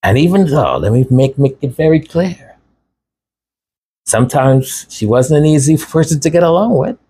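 Man, channel host, raw commentary, impassioned, sarcastic, husky. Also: a little high, lively intonation, normal speed, mellow.

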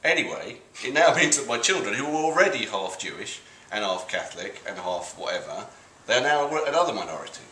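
A man's voice: on the low side, sing-song, brisk, pushed and bright, reverberant, a little hiss or hum, poor audio. A middle-aged man guesting on a casual comedic chat, telling stories with dry wit.

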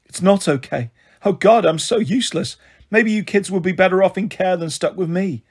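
A man's voice: high voice, moderate pace, husky, pitched above the performer's own voice. A man voicing a weary, sore mother in a hospital bed who swears and complains in a groggy, blunt way.

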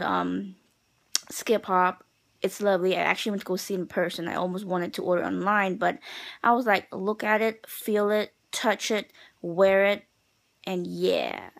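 A young woman chats to her viewers in a loose, rambling vlog, trailing off and restarting with lots of fillers. Her voice sits at an ordinary pitch for a woman, and she sounds tired throughout. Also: creaky. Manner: rambling, chatty, many fillers. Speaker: vlogger. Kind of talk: casual chat.

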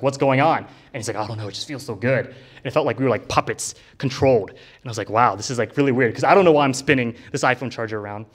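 A young man in his college years recounts a personal story before a campus group. He talks in a loose, conversational way, padding his sentences with likes and ums, at a middling pitch. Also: fairly bright tone. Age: young adult. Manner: casual, filler-heavy storytelling with many likes and ums. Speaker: college student giving a testimony. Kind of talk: personal testimony talk. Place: college ministry center.

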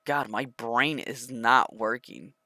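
A young man streaming a flight combat game, talking to his viewers in an excitable, rambling way. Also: mid-range voice, slow, no echo. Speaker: gaming streamer. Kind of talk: live gameplay commentary.

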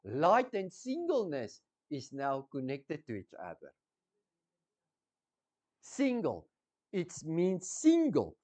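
Man preaching slow, lively up and down voice, keeps repeating words and checking people follow. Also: fairly high pitch. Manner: slow teaching, repeats key words, asks the congregation questions. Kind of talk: sermon.

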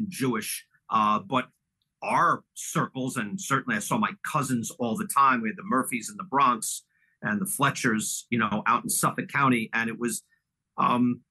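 Middle-aged man from Long Island; interview guest; loose, meandering storyteller with a bright, forceful voice. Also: medium pitch, slightly rough, poor audio. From Long Island, New York. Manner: rambling, full of "you know" fillers and restarts. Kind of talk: casual reminiscing conversation.

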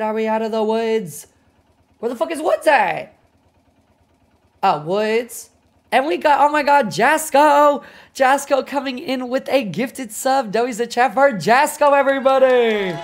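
A woman streamer chatting casually while gaming, excitable, swearing freely and gushing thanks to her viewers. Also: mid-range voice. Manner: excitable, swears a lot, gushes over viewers. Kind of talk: casual game livestream chatter.

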